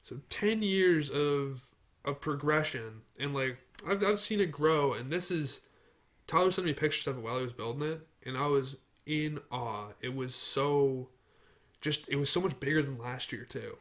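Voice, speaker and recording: A man's voice: mid-range voice, normal speed, a bit bright. A young man hosting a casual podcast, telling rambling stories and teasing his friends. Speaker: podcast host. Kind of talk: casual chat.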